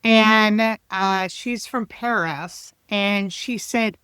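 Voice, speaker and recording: Bright, crisp-voiced woman in her fifties. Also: mid-range voice, extremely slow, no room sound. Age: 50s. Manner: chatty and animated, with laughs and restarts. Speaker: leadership coach, podcast guest. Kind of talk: casual podcast interview.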